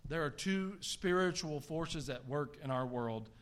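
A man's voice: on the high side, measured pace. A middle-aged man with a Southern US accent, preaching a sermon as pastor, emphatic and folksy. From American South.

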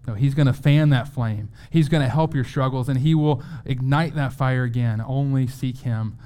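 A man preaching a sermon in an earnest, conversational way, often restarting his words and slowing down to read scripture aloud. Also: medium pitch, mellow. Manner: reads scripture aloud slowly. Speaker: pastor.

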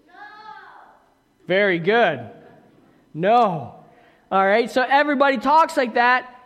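A man's voice: extremely high pitch, expressive, takes it slowly, fairly bright tone, long reverb tail. A man preaching a sermon as pastor, talking conversationally with asides and questions to the congregation.

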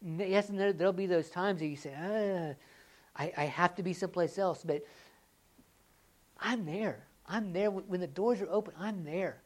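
A woman with a notably low voice preaches to a church congregation. She asks her listeners question after question, sometimes raising her voice with excitement and sometimes dropping to a quiet, earnest tone. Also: a little fast. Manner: swings from loud excited rhetorical questions to quiet earnest talk. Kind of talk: sermon.

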